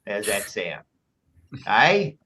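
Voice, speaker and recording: A man's voice: fairly low pitch, big pitch swings, very slow, sharp tone, slight background noise, rough recording. An Australian man hosting a podcast, chatting casually and reading out live chat messages with jokey, blokey banter, calling everyone mate. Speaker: podcast host.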